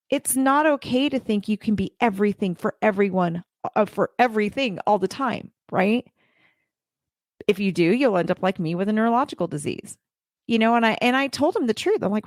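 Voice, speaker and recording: A woman in her forties, a podcast host and child care business coach, gives a heartfelt live-stream talk, earnest and emotional, repeating phrases for emphasis. Her voice is on the high side and expressive, at a moderate pace. The recording is studio quality with no room sound.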